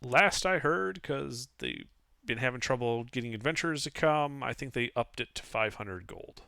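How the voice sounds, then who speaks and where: A man's voice: medium pitch, animated, normal speed, gravelly, pushed and bright, dry recording, studio quality, voice pushed up. A man voicing a bored human tax collector who answers curtly and dismissively.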